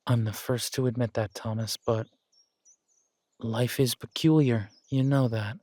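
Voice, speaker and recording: A man voicing a weary, earnest young male thief who speaks low and quietly. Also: steady tone, unhurried, no echo, close to an everyday voice. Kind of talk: audio drama acting.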